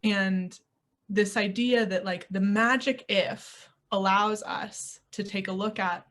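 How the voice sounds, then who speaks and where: Woman, young adult, acting coach, earnest, reflective interview talk, mid pitch. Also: fairly even intonation, slow pace, fairly bright tone. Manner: earnest, searching, puts on little inner voices.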